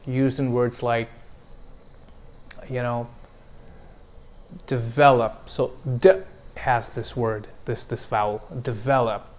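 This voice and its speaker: A male pronunciation coach speaks at a slow, unhurried pace. He draws out each vowel sound as he models words for a student. His pitch sits in a plain middle range. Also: level tone. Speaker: accent coach. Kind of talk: one-on-one pronunciation lesson.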